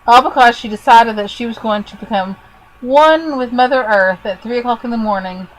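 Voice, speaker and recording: A woman's voice: a little high, normal speed, rough recording. A woman from Kentucky co-hosting a podcast, playful and teasing as she reads out strange news stories. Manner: playful, lightly teasing storyteller. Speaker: podcast co-host. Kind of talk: casual chat, reading news stories.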